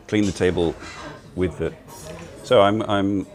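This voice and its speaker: Man, middle-aged, casual livestream chat, lowish voice, laptop mic, cafe. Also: takes it slowly, a little mellow, slight background noise. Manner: chatty, laughs often, self-mocking. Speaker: livestream host.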